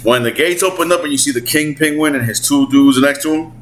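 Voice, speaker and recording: A man in his forties giving excitable, slangy gaming commentary at home, swearing and acting out character voices. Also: on the high side, fast, slight background noise, poor audio. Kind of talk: casual commentary. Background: clothes dryer running.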